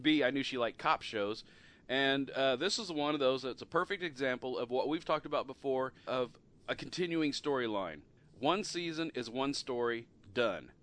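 A man's voice: mid-range voice, a bit bright. Chatty man hosting a casual podcast. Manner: chatty, laughs often, trails off at the ends of sentences. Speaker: podcast host. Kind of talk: casual chat.

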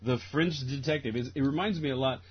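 A man's voice: mid-range voice, fast talker, slightly rough. A man on a podcast, chatting casually about a film, rambling with lots of restarts and laughter. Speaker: podcast co-host reviewing a film. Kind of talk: casual chat. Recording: dull lo-fi audio.

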